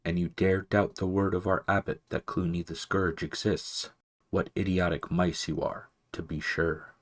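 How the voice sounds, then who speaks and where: A man voicing an ancient male mouse archivist, wise but absent-minded, who talks softly and fussily, barely above a whisper, for a storybook reading. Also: low-pitched, little pitch movement, normal speed. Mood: stern. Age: older. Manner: soft, mumbling, fussy, barely above a whisper.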